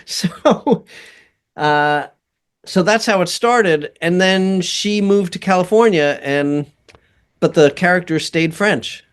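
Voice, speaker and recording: A man's voice: sits high, clear, resonant tone. A man being interviewed as a guest composer and voice actor, chatting casually with a rambling delivery and frequent laughs. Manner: slow, rambling, laughs often.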